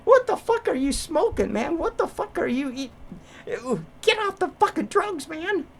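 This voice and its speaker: Brief: man voicing shrill, swearing, outraged engineer, lots of pitch swing. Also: big pitch swings, measured pace, creaky, exaggerated voice. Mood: incredulous. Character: irate cursing city engineer, adult man.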